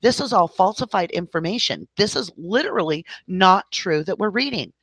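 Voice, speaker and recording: A woman hosts a livestream and rants to her viewers in an exasperated, mid-pitched voice. She is close to a desk mic in a dry, dead-sounding room with no echo. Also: lively intonation, normal speed, a bit bright, breathy edge. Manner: exasperated, ranting, addresses viewers directly. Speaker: livestream host. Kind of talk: ranting livestream commentary.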